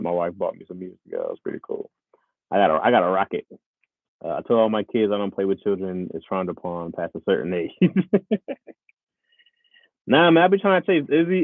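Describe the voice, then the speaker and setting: A man in his thirties chats with stream viewers in a low voice that swings widely in pitch, laughing often. The sound is tinny and phone-like. There is no room echo. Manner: animated, laughs often, jumps into high voices. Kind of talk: casual live-stream chat with viewers.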